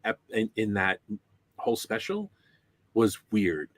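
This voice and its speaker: A man's voice: on the low side, sing-song, slow, no room sound. A man co-hosting a casual fan podcast, talking in an easygoing, conversational way. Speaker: podcast co-host.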